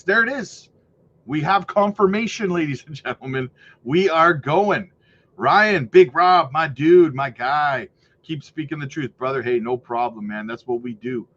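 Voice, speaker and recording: Hosting a casual crypto livestream, this man reads out viewer comments with upbeat hype and plenty of "you know" and "right". He talks a little slowly in a fairly high, bright, animated voice. Faint noise and slight muffling affect the recording.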